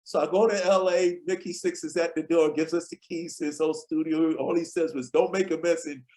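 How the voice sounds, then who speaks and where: A man, a guest on a podcast, telling lively anecdotes and acting out the people in them. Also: fairly high pitch, brisk. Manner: tells anecdotes, acts out quoted people in lively voices. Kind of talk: animated storytelling in conversation.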